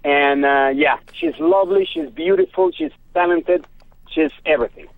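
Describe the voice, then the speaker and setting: A man with a Mexican Spanish accent, a guest actor on a phone interview, hesitant with fillers and quick to laugh. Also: high voice, huge pitch swings, creaky, dry recording. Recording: tinny phone line.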